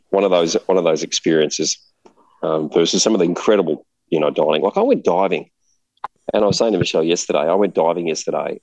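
A man casually telling a rambling, animated travel story, laughing often. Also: low-pitched, vocal fry, dry recording, dull audio.

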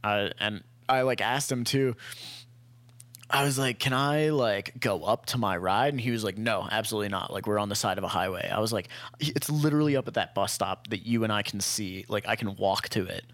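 A man's voice: lowish voice, fairly quick, fairly bright tone, dry recording. A young man in casual conversation telling a long story, rambling, swearing freely and acting out what people said. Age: young adult. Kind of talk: casual chat.

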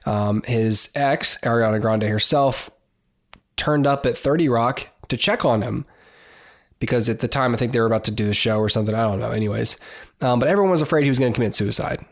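A man's voice: mid-range voice, brisk. A man from the United States hosting a podcast on his own, talking in a casual, rambling way with many fillers and restarts, and giving blunt opinions. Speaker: podcast host. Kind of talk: casual solo commentary.

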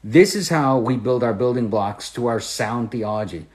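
A man teaching the Bible on a podcast, emphatic and repeating key phrases, with swings between loud preaching and quiet asides. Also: medium pitch, moderate pace.

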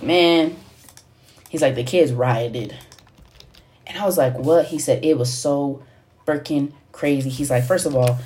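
Low-voiced woman telling a story casually. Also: a little mellow. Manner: loose, slangy, swears freely, acts out quoted dialogue. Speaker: podcast host.

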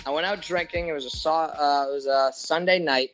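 Young male co-host, profane and joking storyteller, slightly higher voice. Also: fairly even intonation, a little fast, few pauses, over music, poor audio. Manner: profane, joking, acts out quoted friends. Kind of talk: casual chat, storytelling.

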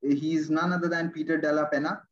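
A man hosting an interview show, introducing his guest and asking questions in a halting way, often repeating words. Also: on the high side, flat delivery, slight background noise. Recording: dull lo-fi audio.

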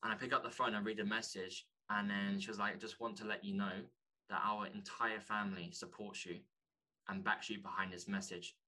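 Man for a guest spot, earnest and halting, fairly low and very bright tone. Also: little pitch movement. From London, England. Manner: earnest, halting, restarts often. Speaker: podcast guest, author. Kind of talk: candid conversation.

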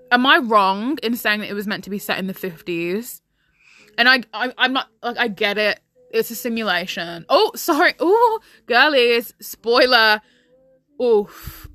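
A woman's voice: mid-range voice, pushed and bright, no room sound. A young woman, bluntly ranting in a casual opinion chat as a vlogger.

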